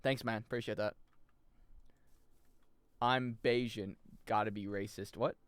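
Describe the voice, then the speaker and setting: A young man streaming a video game, chatting casually, muttering over menus and jumping into loud, high yelps. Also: a little slow, clear, resonant tone, dry recording. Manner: excitable, jumps into loud high yelps and laughs; mutters menu options to himself. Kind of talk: casual gameplay commentary.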